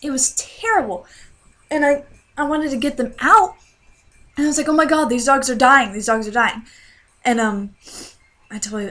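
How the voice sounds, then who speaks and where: A young woman, probably a teen, casually rambling through a dream story, with lots of "like" and fillers, and a runny nose. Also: a little high. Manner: chatty, lots of fillers, animated voices in quotes. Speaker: vlogger.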